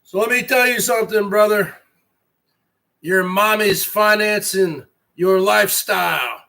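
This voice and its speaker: High-voiced man ranting slowly. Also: creaky, pushed and bright. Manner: mocking, repetitive, addresses rivals as brother. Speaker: online show host. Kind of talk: ranting monologue to viewers.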